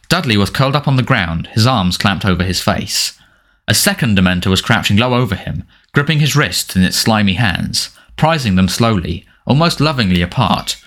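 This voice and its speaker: A man's voice: on the low side, a bit bright. A man narrating a story aloud, reading dramatically and expressively. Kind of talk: audiobook narration.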